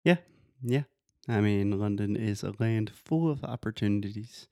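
A woman, co-hosting a casual podcast and telling travel stories in a relaxed way. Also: very deep voice, measured pace, no room sound, studio quality. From Brazil. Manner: relaxed storytelling, explains terms. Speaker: podcast co-host. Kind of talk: casual chat.

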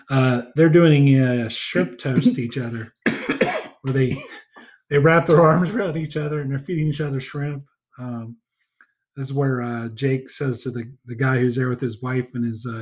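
A man's voice: medium pitch, steady tone, unhurried, pauses often, a little mellow. Rambling, filler-heavy man recapping a film. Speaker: podcast co-host. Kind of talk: casual film discussion.

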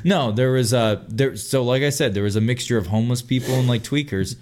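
A young man telling a long story on a casual podcast, animated and full of swearing. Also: medium pitch, brisk, a little hiss or hum. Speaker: podcast host.

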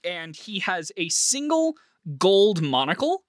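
A man narrating a tabletop role-playing game as game master, with animated, vivid description. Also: high-pitched, slow, dry recording, studio quality.

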